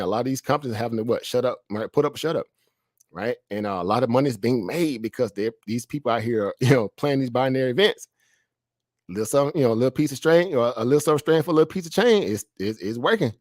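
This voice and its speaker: A man's voice: medium pitch, no echo, clean studio sound. A man hosting a casual stock trading live stream, talking conversationally and tagging many phrases with "right?". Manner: conversational, frequent "right?" tag questions, laughs between phrases.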